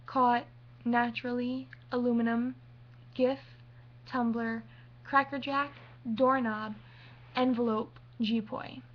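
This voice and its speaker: Young woman vlogger, chatty and digressive, flat delivery, muffled webcam audio. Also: on the high side. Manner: chatty, rambling, easily sidetracked. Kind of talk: casual webcam vlog. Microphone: built-in webcam mic.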